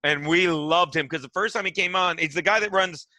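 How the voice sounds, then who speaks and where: A man's voice: high-pitched, brisk, pushed and bright, no echo. A middle-aged man, a comedian guest, rambling through profane stories in casual podcast chat. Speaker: guest comedian and radio host.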